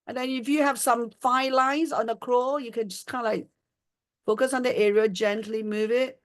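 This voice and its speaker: A middle-aged woman with a slightly high voice, leading a live skincare demonstration over a video call. She talks casually and walks through each step, often stopping to ask if everyone is following. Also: fairly even intonation, normal speed. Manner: chatty, explaining step by step, checking in with "okay?".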